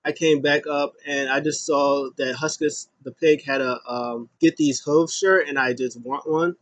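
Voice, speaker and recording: A man giving a casual solo review of a wrestling show, rambling with many ums and getting loud when he mimics an announcer. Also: fairly high pitch, steady tone, unhurried, lo-fi sound.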